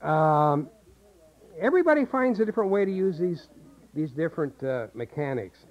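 A man's voice: a little high, big pitch swings, normal speed. A man teaching a voice acting seminar, explaining and demonstrating vocal sounds to a group. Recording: tinny, muffled old seminar tape.

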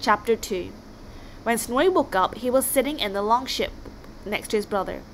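A woman reading a children's book aloud, expressive as she narrates. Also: a little high, normal speed, slight background noise, poor audio. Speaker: storybook reader.

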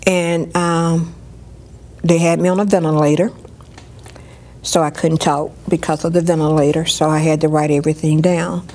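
Woman, lower register, warm storytelling in an interview, quotes people vividly. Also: normal speed. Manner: lively storytelling, acting out others' words. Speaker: storyteller sharing her life. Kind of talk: personal story told in an interview.

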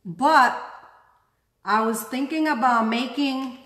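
A woman's voice: high voice, takes it slowly, a bit bright, reverberant. A woman with a non-native English accent, chatting casually as she demonstrates a painting technique. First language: not English. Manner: chatty, self-deprecating, talks while working. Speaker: craft tutorial host.

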